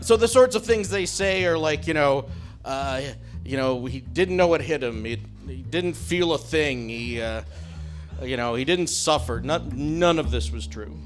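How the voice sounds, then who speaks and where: A middle-aged man telling a self-mocking comic story on stage in a wry, animated way. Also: fairly high pitch, unhurried, faint music behind.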